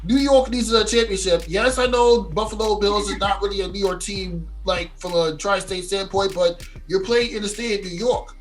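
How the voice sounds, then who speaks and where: A man's voice: high voice, moderate pace, hardly any pauses, faint music behind. A man hosting a casual sports podcast, hyped and steering the talk with questions. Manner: hyped, asks questions, leads the segments. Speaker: podcast host.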